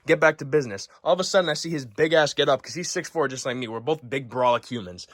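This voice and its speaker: A young man vlogger telling a story in a loud, profane, boisterous way, acting out the scenes as he goes. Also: medium pitch, fast. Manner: boisterous, swears constantly, acts the story out.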